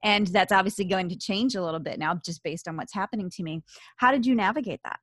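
A woman in her fifties hosts an interview, chatty and heartfelt, thinking out loud as she goes. Her voice sits at an ordinary pitch, and the recording is dry and close with no room sound. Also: fast talker, no room sound. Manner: emotional, effusive, thinks aloud with many "like"s. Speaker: podcast host. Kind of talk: conversational interview.

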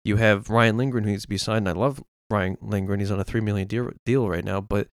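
A man's voice: fairly low pitch, steady tone, a little fast, dry recording, studio quality. A man co-hosting a casual sports podcast, ranting with frustration and restarting his sentences. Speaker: podcast co-host.

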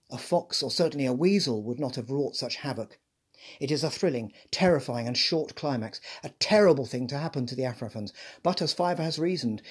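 A man hosting a podcast, reading a scripted analysis in a measured, articulate way. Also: on the high side, slightly rough. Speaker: podcast host. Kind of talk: scripted book analysis narration.

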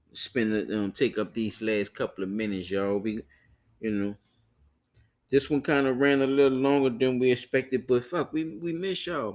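A man's voice: medium pitch, darkish tone. A man hosting a podcast in loose, profane casual chat, often repeating himself to listeners. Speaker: podcast host.

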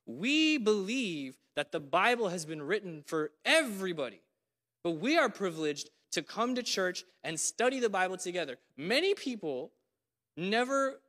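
A man preaching a sermon in a church, lively and dramatic, acting out what God says. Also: sits high, normal speed, big-room sound. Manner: animated, voices God in dramatic quotes.

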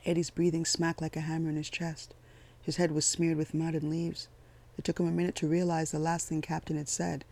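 Gravelly male storyteller, steady and flat in pitch. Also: fairly quick. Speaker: audiobook narrator. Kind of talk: scripted narration.

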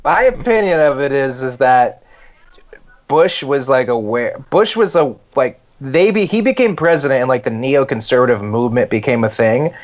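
A man's voice: mid-range voice, normal speed. Rambling man on a dull podcast mic. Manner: rambling, animated storytelling with fillers. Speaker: comedian podcast co-host. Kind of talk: casual comedic chat.

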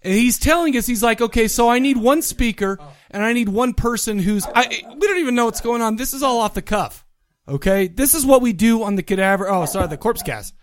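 A man's voice: extremely high pitch, lively intonation, a little fast. A man co-hosting a podcast, joking and rambling through casual banter and play-by-play. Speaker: podcast co-host.

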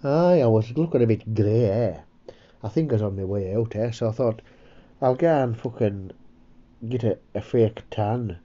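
A man's voice: lowish voice, normal speed, warm tone, highs cut off. A man hosting a comedy podcast, rambling, sweary and self-mocking. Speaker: podcast host. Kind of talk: casual comedy chat.

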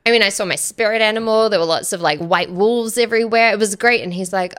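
A woman guest telling a personal story in casual chat, animated, acting out quoted dialogue and laughing often. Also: lowish voice, fairly quick, few pauses. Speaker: podcast guest.

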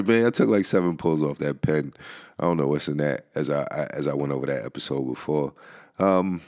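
A man's voice: extremely low pitch, moderate pace. A man hosting a podcast, ranting casually, laughing often and swearing as he rambles. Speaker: podcast host. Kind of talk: casual rant. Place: New York.

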